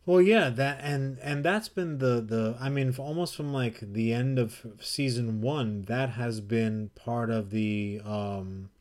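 A man's voice: mid-range voice, slow pace, few pauses, darkish tone. A man co-hosting a casual podcast, rambling and teasing with frequent laughs. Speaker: podcast co-host.

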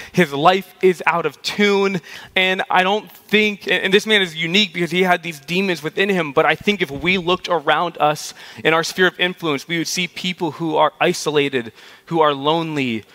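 Male preacher, relaxed conversational sermon delivery, bright and forceful sound. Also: high-pitched. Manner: casual, storytelling with frequent "like".

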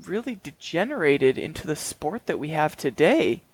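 A man's voice: on the high side, big pitch swings, normal speed, husky. A man hosting a comedy podcast, delivering absurd facts in a dry, mock-serious manner. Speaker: podcast host. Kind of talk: deadpan comedic podcast banter.

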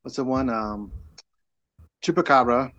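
A middle-aged man guesting on a podcast, telling a long story in a casual, meandering way. His voice sits at an ordinary middle pitch, and his talk is full of fillers, false starts and restarts. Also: measured pace, a bit bright, lo-fi sound. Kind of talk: casual chat.

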